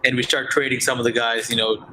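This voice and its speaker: A man's voice: mid-range voice, flat delivery, quick pace, bright, forceful tone, slight background noise, low-quality recording. A man joining a casual discussion over a video call, reasoning things out and checking in with "right?" often. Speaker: video chat guest.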